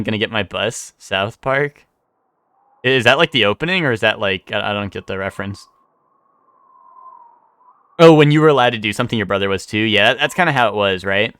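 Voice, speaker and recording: A man's voice: medium pitch, a bit bright, smooth, no echo, studio quality. A man streaming live, chatting casually with chat, rambling with many fillers and restarts and swearing freely.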